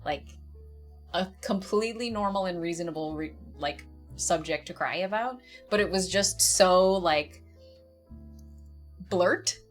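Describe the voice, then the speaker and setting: A woman's voice: on the low side, unhurried, pauses often, soft background music. A woman casually telling an awkward personal story, rambling and often laughing at herself.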